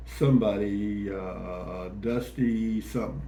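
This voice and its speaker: A man's voice: mid-range voice, unhurried, dark tone. A man hosting a casual morning vlog, talking in a folksy, rambling, jokey way. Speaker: vlog host. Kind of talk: casual morning chat to camera. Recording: echoey room with faint ambient noise.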